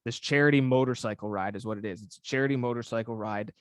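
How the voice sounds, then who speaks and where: Man from Northern Virginia, podcast co-host; measured, restarts often, dry close sound. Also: mid-range voice, smooth, no room sound. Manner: measured, with frequent restarts and repeats. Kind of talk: casual podcast chat.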